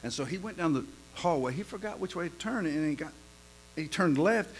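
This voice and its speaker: A man preaching in a folksy, joke-telling sermon style, stammering and repeating himself, swinging from quiet asides to loud punchlines. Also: on the high side, lively intonation, brisk, a little hiss or hum. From lives in Oklahoma.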